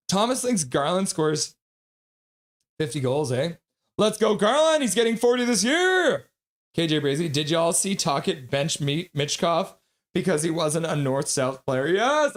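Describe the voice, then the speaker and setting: A man streaming live play-by-play of a hockey game, calling the action quickly and reading viewer comments between plays. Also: on the high side. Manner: rapid play-by-play, bursts into loud excited voices when reading chat.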